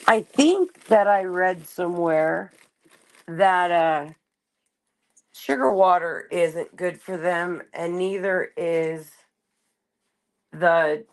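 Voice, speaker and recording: A woman's voice: on the low side, vocal fry. A woman chatting casually on a late-night live stream from home, rambling and stopping to talk to her cat. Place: home, kitchen.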